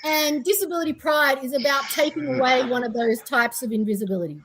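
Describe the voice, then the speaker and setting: An Australian woman guest on a casual podcast, talking with animated energy and sarcastic asides. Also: high-pitched, quick pace, a little hiss or hum, poor audio. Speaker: guest advocate.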